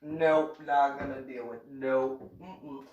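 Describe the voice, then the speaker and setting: A woman voicing an exasperated old grandfather who mutters low and breathy in disgust. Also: steady tone, slow, highs cut off. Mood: dismissive. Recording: roomy, distant mic.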